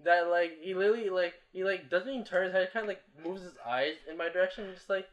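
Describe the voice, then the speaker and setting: A man's voice: high voice, quick pace, dull audio. A young man chatting casually among friends, playfully acting out what others said and laughing as he goes. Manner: playful, acts out quotes, giggly. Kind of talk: casual chat.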